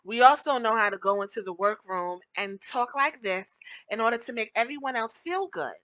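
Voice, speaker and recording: A woman hosting a podcast, giving blunt, animated commentary and slipping into mock voices to make her points. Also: on the high side, moderate pace, dry recording, low-quality recording. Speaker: podcast host.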